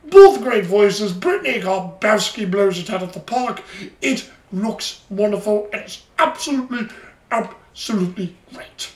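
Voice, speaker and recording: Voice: mid-range voice, expressive, unhurried. An anime review host chatting through an episode recap in a rambling way, playing with a put-on British cockney voice. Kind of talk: casual solo episode review. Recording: roomy echo, distant from the mic.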